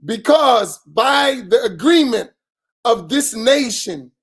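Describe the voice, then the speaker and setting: A middle-aged imam, giving an emphatic post-dawn-prayer talk full of rhetorical questions and bursts of raised voice. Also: male voice, extremely high pitch, lively intonation, slow, slightly rough. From United States.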